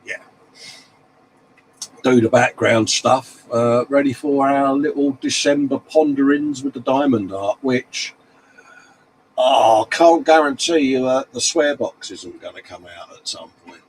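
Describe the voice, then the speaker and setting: A man's voice: mid-range voice, measured pace, slight background noise, rough recording. Chatty man hosting a live stream. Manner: matey banter, reads viewer comments aloud. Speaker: live stream host reading chat. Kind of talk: casual chat.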